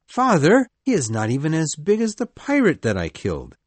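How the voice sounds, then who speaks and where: A woman voicing a proud young boy in a storybook reading, with a husky lowered voice. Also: huge pitch swings, slow, dry recording, full character voice.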